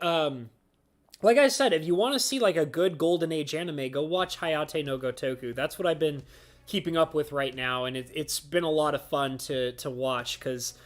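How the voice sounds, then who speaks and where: Rambling man chatting on a live stream. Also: fairly high pitch. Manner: rambling, heavy on "like" fillers, laughs often. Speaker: streamer host. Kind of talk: casual live-stream chat.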